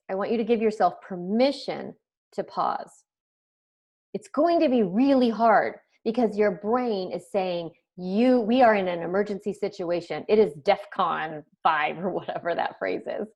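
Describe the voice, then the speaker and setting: A woman parenting coach leads a live online training. She talks in a conversational, chatty way and keeps turning to the viewers with casual asides. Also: mid-range voice.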